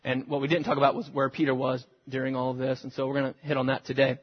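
A man's voice: medium pitch, level tone, quick pace, breathy edge. A man preaching a sermon as pastor, earnest and questioning his listeners directly. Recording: lo-fi, reverberant hall.

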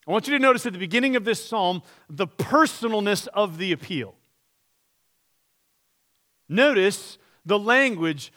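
Bright, high-voiced man preaching. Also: expressive, a little slow. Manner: earnest preaching with rhetorical questions, reading scripture aloud. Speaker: pastor. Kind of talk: sermon.

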